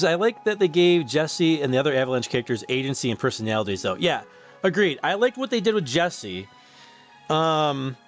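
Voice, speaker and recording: A medium-pitched man hosts a live game stream, chatting casually and reading viewer comments aloud. He laughs often and trips over his words, and his voice turns a bit hoarse.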